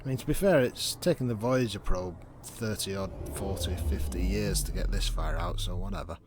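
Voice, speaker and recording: A man's voice: sits low, normal speed, noisy background. A man casually commenting on a space game as he plays, chatty and sarcastic, often reading the on-screen text aloud. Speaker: gameplay video host.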